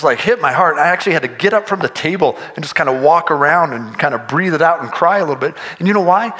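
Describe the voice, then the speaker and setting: A man's voice: fairly high pitch, sharp tone, poor audio. A man preaching a sermon, earnest and conversational, often restarting his sentences and pushing toward emphatic points. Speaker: pastor.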